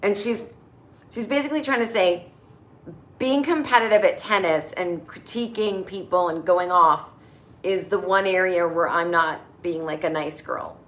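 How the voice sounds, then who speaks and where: A middle-aged woman hosting a casual comedic recap, sarcastic and animated, quick to mimic characters in exaggerated voices. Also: mid-range voice. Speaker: podcast host recapping a TV episode.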